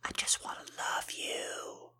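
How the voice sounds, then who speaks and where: A man voicing a small lonely puppy in a whispered role-play, pleading in a high, whiny whisper. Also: slow, pushed and bright. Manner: pleading, whimpering.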